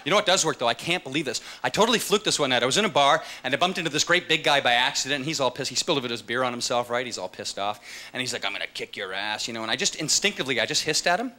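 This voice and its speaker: A man's voice: mid-range voice, lively intonation, racing. A man doing a self-mocking stand-up comedy set, slipping into short character voices, recorded live on a club stage. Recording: live club recording with loud crowd and noise. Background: audience laughter and room noise.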